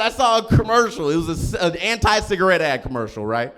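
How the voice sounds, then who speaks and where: Animated high-voiced stand-up comedian man. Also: fast talker. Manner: animated, jumps into loud shouted quotes. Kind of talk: stand-up set. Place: comedy club stage. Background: live audience.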